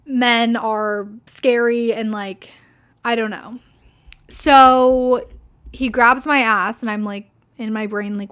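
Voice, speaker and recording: A woman's voice: a little high, measured pace, a bit bright. Blunt, foul-mouthed young woman podcaster. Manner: blunt, heavy swearing, frequent "like"; indignant, venting. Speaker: podcast host. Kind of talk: casual storytelling monologue.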